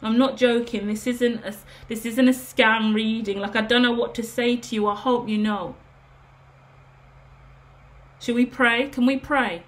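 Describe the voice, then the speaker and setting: A woman's voice: fairly high pitch, fairly even intonation, measured pace. Earnest emotional woman giving a tarot reading. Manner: earnest, emotional, rambling with fillers. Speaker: tarot reader. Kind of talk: casual spoken tarot reading.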